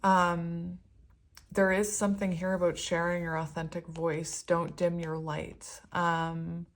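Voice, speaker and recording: A woman's voice: on the low side, little pitch movement, slow. A woman doing a casual spiritual tarot reading, chatty and rambling, laughing often as she talks. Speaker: tarot reader.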